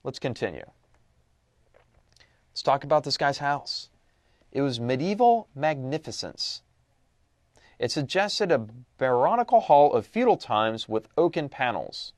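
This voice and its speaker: A man's voice: mid-range voice, big pitch swings, measured pace, pauses often, no echo, clean studio sound. A man teaching a casual lesson recap, reading passages aloud and posing questions he then answers himself. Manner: conversational, asks rhetorical questions then answers.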